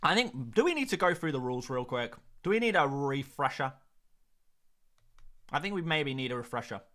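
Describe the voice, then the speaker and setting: A man's voice: medium pitch, big pitch swings, normal speed, a bit bright. A man hosting a live stream in casual, jokey chat, muttering asides as he goes. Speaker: streamer host.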